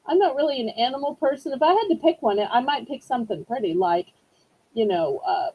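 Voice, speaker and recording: Chatty high Southern woman selling live. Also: expressive, fairly quick, breathy edge, highs cut off. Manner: chatty, playful, self-teasing. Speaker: online auction seller. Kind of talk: live-stream auction chat.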